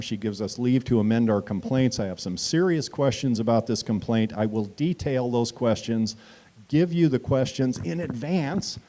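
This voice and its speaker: A man's voice: mid-range voice, dark tone. A man giving an impassioned speech at a town hall meeting, acting out quoted exchanges and addressing the audience directly.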